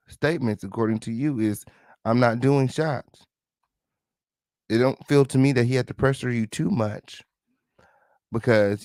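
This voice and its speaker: A man's voice: on the low side, darkish tone, no echo, clean studio sound. A man hosting an online show, reading court documents aloud to his live chat and commenting on them in a sarcastic, slangy way, with mocking quoted voices. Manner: sarcastic, slangy, talks back to the text.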